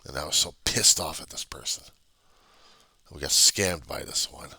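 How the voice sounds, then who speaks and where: A man with a gravelly, tense voice that sits extremely low and cuts with a hard edge. He talks in a raw, agitated personal video diary, swearing and circling back over the same points. The sound is close and dry. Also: sharp tone, dry recording. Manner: raw, agitated, profanity-laced, repetitive. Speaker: video diarist. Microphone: computer webcam.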